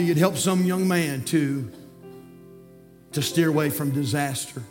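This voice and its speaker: A man preaching a sermon as pastor in a church, swinging between hushed passages and shouted climaxes. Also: fairly high pitch. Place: church sanctuary.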